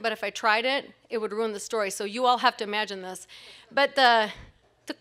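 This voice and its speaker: A middle-aged woman tells a personal story before a live audience, her voice high and bright. She rambles cheerfully, pokes fun at herself, and leans on fillers like "um" and "you know.". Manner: chatty, self-mocking, many fillers like "um" and "you know".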